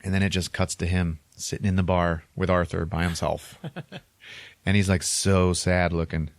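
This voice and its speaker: A man's voice: low voice, flat delivery, moderate pace, dry recording. A man co-hosting a podcast, casually retelling a film plot in a rambling way, chuckling between lines and saying "like" a lot. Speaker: podcast co-host.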